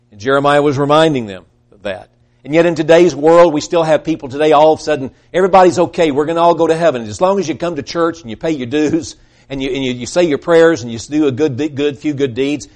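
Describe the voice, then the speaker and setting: A man delivering a sermon in a slightly higher-pitched voice. He speaks earnestly, pushes up to emphatic peaks, then drops to quiet endings. He sometimes acts out the voices he quotes. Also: a little fast. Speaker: preacher.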